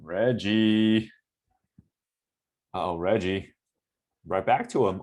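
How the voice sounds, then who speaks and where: This basketball trainer has a low voice and a moderate pace as he loosely walks through game film. He turns animated over good plays, dropping coaching asides and checking in with a frequent "right?"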